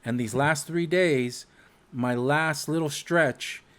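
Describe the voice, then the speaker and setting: A man's voice: fairly high pitch, takes it slowly. A man hosting a casual chat, talking in a chatty way with many fillers. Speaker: host.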